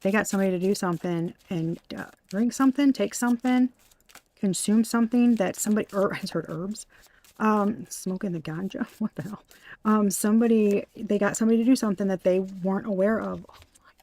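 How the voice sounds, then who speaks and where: A young woman giving an excitable tarot reading, exclaiming, gasping and swearing as she goes. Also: medium pitch, fairly quick, dry recording. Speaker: tarot reader.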